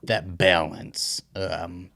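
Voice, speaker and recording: Podcast co-host, man, laid-back and hedging, lowish voice, dry close sound. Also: drawn-out words, gravelly, dry recording. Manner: relaxed, hedging with fillers. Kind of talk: casual chat.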